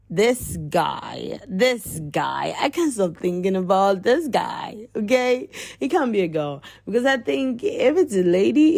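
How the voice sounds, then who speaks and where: A woman giving comedic commentary on the news, animated and exclaiming, rambling and repeating herself as she riffs. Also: mid-range voice, gravelly, no echo. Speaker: podcast host.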